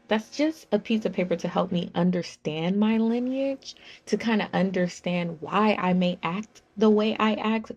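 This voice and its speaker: High-voiced woman vlogging. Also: highs cut off. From Southern California. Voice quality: high-pitched, talks like a Valley girl. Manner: animated storytelling, acts out quoted voices. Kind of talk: casual monologue.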